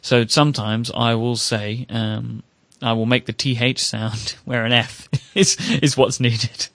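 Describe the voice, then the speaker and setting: A man's voice: mid-range voice, flat delivery, unhurried, fairly bright tone, no echo. A man from England chatting on a podcast, choosing his words carefully and sometimes stumbling over them. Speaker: podcast co-host. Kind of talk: casual chat.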